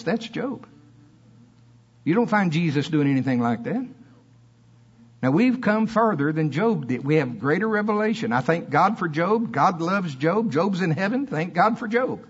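Fiery preacher man, husky voice. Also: fairly high pitch, very animated, a little slow, pauses often, lo-fi sound. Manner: fiery, swings from loud emphasis to soft asides. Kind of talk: sermon. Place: church.

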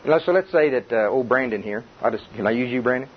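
An older man talks fast in a medium-pitched voice, preaching a chuckling, conversational sermon to a congregation in church. The recording sounds like dull lo-fi tape with faint hiss.

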